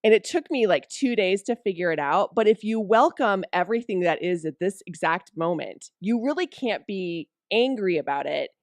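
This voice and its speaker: A woman hosting a casual chat, supportive and quick to laugh. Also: medium pitch, animated, dry recording, studio quality. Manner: laughs often, supportive interjections. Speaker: podcast host.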